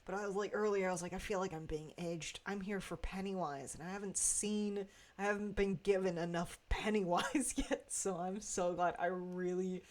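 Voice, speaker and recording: A woman with a slightly low voice talks through a TV episode in a loose, animated way. She laughs often and swears freely as she goes. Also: normal speed, few pauses. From Pacific Northwest, USA. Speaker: YouTube reviewer. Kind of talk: casual TV episode review.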